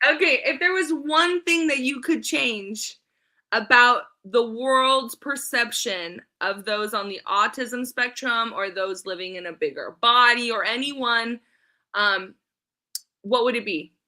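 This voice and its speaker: A woman guest on a podcast talking in a casual, upbeat and eager way, rattling off her contact details quickly. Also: on the high side, bright, forceful tone. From Southern California. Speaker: podcast guest, nonprofit founder. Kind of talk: casual interview chat.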